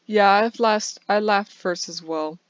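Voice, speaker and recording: A woman's voice: mid-range voice, slow, no room sound, lightly acted. This is a kind, chatty young barista from a bedtime storybook, voiced by a woman who reads the whole tale. He tells his story with amusement. The recording is dry and dull, like a lo-fi home setup. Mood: amused.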